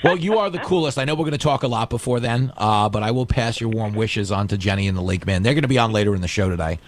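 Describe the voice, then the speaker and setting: A man's voice: on the low side, quick pace, no room sound. A man hosting a call-in radio talk show, chatty and joking. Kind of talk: casual call-in radio chat.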